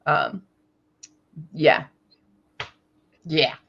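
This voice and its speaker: A woman's voice: low voice, drawn-out words, gravelly, breathy edge, highs cut off. A woman co-hosting a casual writing-sprint stream, chatting and musing aloud with frequent laughs. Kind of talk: casual group chat on a livestream.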